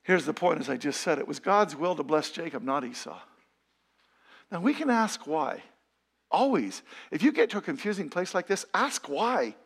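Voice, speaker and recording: High gravelly middle-aged male preacher. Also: very animated, normal speed. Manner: conversational and emphatic, with rhetorical questions. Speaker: pastor. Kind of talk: sermon.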